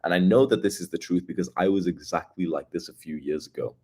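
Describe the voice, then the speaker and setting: A young man hosting a live stream, talking in a blunt, profane, rapid casual rant. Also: sits low, a little mellow, slightly rough. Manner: blunt and profane, with fast asides. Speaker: livestream host.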